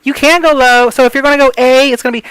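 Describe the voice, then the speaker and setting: A woman coaches breathing and pitch drills in a loose, rambling way, trailing off into fillers and apologizing for tangents. Her voice sits fairly high and sounds smooth. The recording is close and dry. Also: fairly even intonation, fast talker, fairly bright tone, no room sound, poor audio. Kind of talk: casual tutorial.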